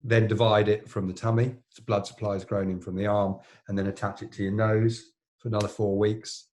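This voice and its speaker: A man's voice: fairly low pitch, little pitch movement, brisk, a little mellow, a little hiss or hum. A middle-aged man, a plastic surgeon co-hosting a podcast, telling long anecdotes in casual chat with lots of fillers and restarts.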